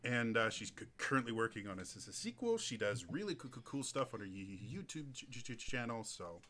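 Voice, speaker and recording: A man's voice: mid-range voice, sing-song, brisk, a bit bright. A man hosting a casual podcast, stuttering often on the first sounds of words. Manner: heavy stutter on word starts. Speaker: podcast host.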